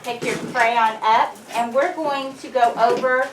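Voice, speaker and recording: A woman teacher with a slightly high voice, walking a class through a phonics drill and stretching out each word. She sounds distant and roomy, captured from across an echoing classroom with faint noise. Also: fairly even intonation. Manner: slow, clear drilling of words. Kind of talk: phonics lesson. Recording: echoey room from a distance.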